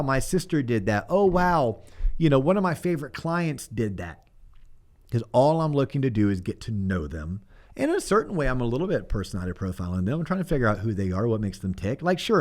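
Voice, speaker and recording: A middle-aged man with a medium-pitched, darkish voice hosts a podcast as a mortgage coach. Chatting casually, he coaches small talk by role-playing sample phone calls.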